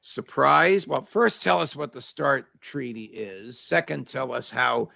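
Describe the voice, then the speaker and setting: A man hosting an interview, asking brisk, pointed questions. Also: medium pitch, vocal fry, pushed and bright, dry recording. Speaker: interview host.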